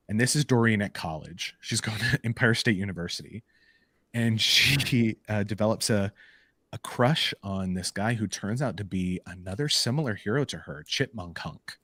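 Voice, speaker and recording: A man co-hosting a podcast, casually retelling comic book stories in an animated way with lots of "like" and "um". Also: lowish voice, dry recording, studio quality. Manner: animated storytelling full of "like" and "um" fillers. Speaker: podcast co-host. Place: live podcast recording.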